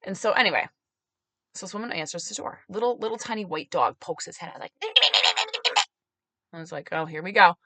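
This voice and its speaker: A woman hosting a podcast, telling a story in casual chat and acting out quoted voices with lively jumps in pitch. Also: fairly quick, long pauses, dry recording. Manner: animated, acts out quoted voices with big pitch jumps and laughs.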